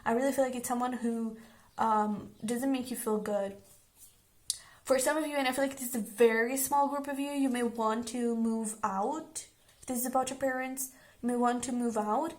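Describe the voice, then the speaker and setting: Young woman, tarot reader, earnest, emotional, reassuring, casual talk, fairly high voice. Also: steady tone, a little slow. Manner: emotional, earnest, reassuring, says "okay?" often. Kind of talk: casual pick-a-card tarot reading.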